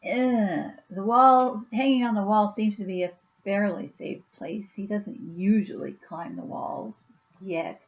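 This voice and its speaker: A woman's voice: mid-range voice, measured pace, phone-quality sound. A woman chatting casually on her vlog at home, rambling with many fillers. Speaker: YouTuber and author.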